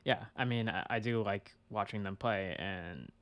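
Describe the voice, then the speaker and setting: A man's voice: fairly low pitch, normal speed, fairly bright tone, dry recording. A young man co-hosting a podcast, speaking in an easygoing way with frequent "I mean" and "you know". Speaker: podcast co-host. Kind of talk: casual sports chat.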